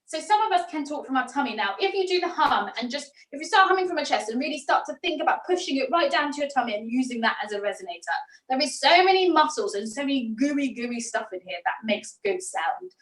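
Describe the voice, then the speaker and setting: A woman, a theatre director leading an online acting workshop, talking in a lively, demonstrative way. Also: high-pitched, quick pace, few pauses. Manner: lively, demonstrative, laughs often. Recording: echoey room, mic at a distance.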